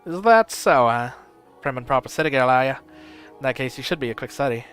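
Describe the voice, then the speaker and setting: Guy doing a loud cranky old noble dude, barks and swears, music faint behind. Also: medium pitch, lively intonation, brisk, lightly acted. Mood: teasing. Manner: blustery, barking, swears often. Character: gruff loud old male noble, retired.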